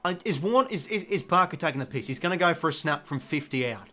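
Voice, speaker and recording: An Australian man streaming a live football watch-along, calling the play casually, swearing often and shouting at the players. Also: fairly high pitch, lively intonation, quick pace.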